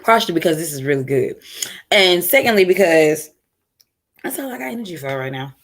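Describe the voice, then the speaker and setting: A woman's voice: fairly low pitch, lively intonation, a little fast. Weary woman venting on a livestream. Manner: frustrated, weary, rambling. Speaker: livestream host. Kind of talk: casual livestream chat.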